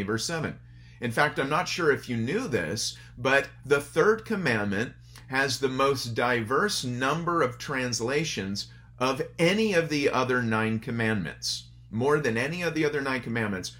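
A man's voice: mid-range voice, a bit bright. A man preaching a sermon in a conversational, storytelling way at a church service streamed online. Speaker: pastor.

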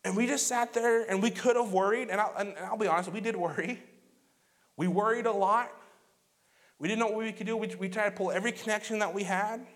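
A pastor preaching a conversational sermon, telling a personal story and moving between loud emphatic lines and quiet hushed ones. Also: male voice, high-pitched, fairly even intonation, brisk.

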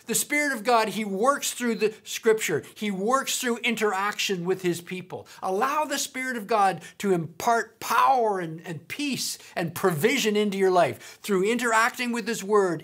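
A woman preaching a sermon, emphatic, repeating key points slowly. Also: mid-range voice, a bit bright.

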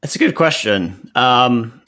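A man's voice: medium pitch, lively intonation, takes it slowly, pushed and bright. A man from Texas in his thirties talking in a casual interview, thoughtful and hesitant, with many fillers and restarts. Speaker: guest.

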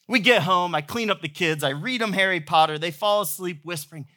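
A man's voice: high-pitched, brisk, bright, forceful tone. A man in his thirties preaching a sermon as pastor, telling stories in a playful, humorous way. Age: 30s.

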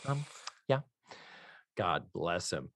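A man co-hosting a podcast in casual chat, enthusiastic and animated, swearing freely. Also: low-pitched, extremely slow, no room sound, studio quality. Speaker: podcast co-host.

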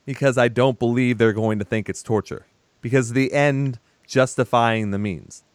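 A man's voice: medium pitch, steady tone, moderate pace, clean tone, no echo. A man recapping a film in casual chat, animatedly acting out the characters' lines. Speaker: podcast co-host.

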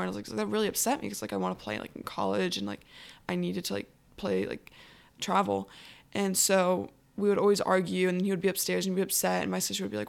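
Teen girl telling a personal story, creaky. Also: medium pitch. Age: teens. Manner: halting, full of "like" and "um" fillers. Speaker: anonymous guest.

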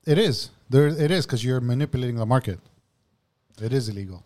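A man's voice: medium pitch, animated, fairly quick, a little mellow. A man co-hosting a podcast, chatting casually and explaining things at length, often saying "bro". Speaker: podcast co-host.

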